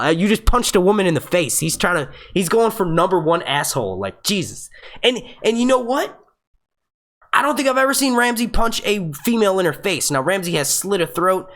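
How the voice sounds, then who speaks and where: A man hosting a casual live review stream, excitable and profane, rambling and restarting his sentences as he talks into his webcam. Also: high voice. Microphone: webcam setup.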